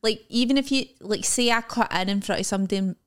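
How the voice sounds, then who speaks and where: A woman's voice: mid-range voice, fast talker, fairly bright tone, clean tone. Wry Scottish woman, chatty co-host. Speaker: podcast co-host. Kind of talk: casual chat.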